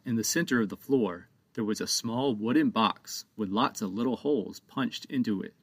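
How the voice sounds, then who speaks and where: A man's voice: fairly low pitch, dry recording. A man reading his own children's book aloud as an audiobook narrator.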